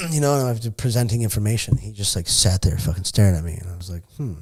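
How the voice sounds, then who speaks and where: A man talking casually as a podcast guest, telling a story with lots of swearing and sudden jumps in pitch and volume. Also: fast, breathy edge. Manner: profane, animated, acts out quotes with big pitch and volume swings. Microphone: studio podcast mic.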